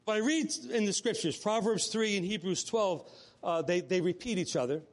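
A man's voice: high-pitched, expressive, normal speed. A man preaching a conversational sermon, often restarting phrases and acting out quotes. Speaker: pastor.

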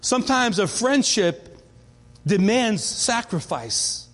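A man's voice: sits high, very animated, takes it slowly, long reverb tail. A man preaching a sermon as pastor, talking in a conversational way and often restarting his sentences. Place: church.

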